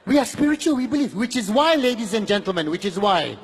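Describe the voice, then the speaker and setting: A man in his fifties with a Malaysian English accent, performing animated stand-up comedy and repeating words rapidly. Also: sits high, long reverb tail, slight background noise.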